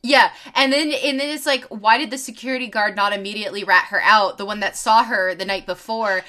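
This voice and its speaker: A woman co-hosting a podcast, telling stories in an animated, sweary way with lots of fillers. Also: mid-range voice, fairly quick. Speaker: podcast co-host. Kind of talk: casual chat.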